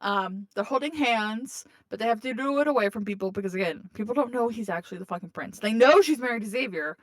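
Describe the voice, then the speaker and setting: A woman's voice: on the high side, animated, fast, no echo. A woman co-hosting a casual podcast, recapping a book in a chatty, profane way, laughing often and acting out the characters' lines. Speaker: podcast co-host.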